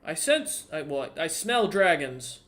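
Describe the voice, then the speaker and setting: A man doing a shrill, panicky old blind shopkeeper. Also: sing-song, slow, fairly bright tone, heavily acted. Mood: wary. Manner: high, squawking, panicky. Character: blind old human bounty hunter shopkeeper, skittish.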